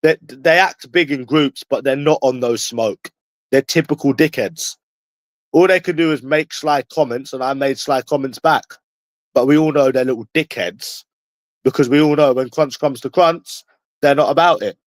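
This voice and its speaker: A man's voice: medium pitch, moderate pace, no echo. London guy on a stream going off at his chat, swears a lot, keeps repeating himself, dry sound. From London, England. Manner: confrontational, profane, repetitive. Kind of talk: combative livestream rant.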